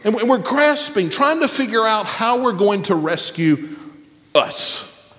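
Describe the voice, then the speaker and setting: A man preaching a sermon as pastor, animated, then dropping to a soft, quiet voice for tender moments. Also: high voice, a little slow. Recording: long hall reverb.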